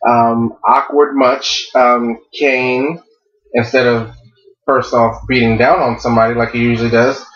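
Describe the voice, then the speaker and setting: A man's voice: mid-range voice, level tone, unhurried, a bit bright, echoey room, dull audio. A man co-hosting a casual wrestling review, blunt and profane. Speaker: wrestling show co-host.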